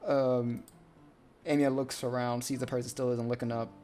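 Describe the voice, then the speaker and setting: A man's voice: medium pitch, level tone, moderate pace, mellow, soft background music. Man narrating as game master.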